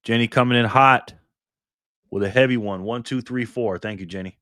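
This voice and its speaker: Male live-stream host, mid-pitched, friendly and chatty, dry close recording. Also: normal speed, fairly bright tone, no room sound. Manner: friendly, chatty, greets viewers by name. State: recovering from illness. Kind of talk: casual live-stream chat, greeting viewers and reading chat aloud.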